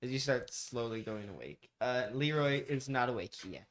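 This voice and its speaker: Lively laughing game master. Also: male voice, medium pitch, normal speed. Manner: laughing, exasperated at the players. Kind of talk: running a tabletop horror game over voice chat.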